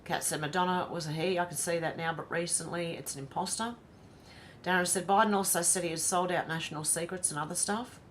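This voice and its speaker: A lowish, fairly even, fairly quick female voice with a little hiss or hum on the recording. She's an Australian livestream host casually reading chat messages aloud and naming each viewer as she greets them.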